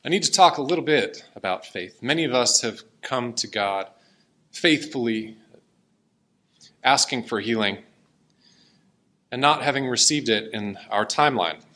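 A man's voice: medium pitch, lively intonation, unhurried, long pauses, bright, forceful tone. A man preaching a sermon and reading scripture aloud, in an earnest and emotional way. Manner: earnest, emotional, tearing up at times.

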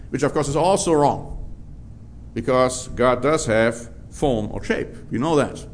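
A man preaching a Bible-teaching sermon in a measured, emphatic way, drawing out key words for stress. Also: mid-range voice.

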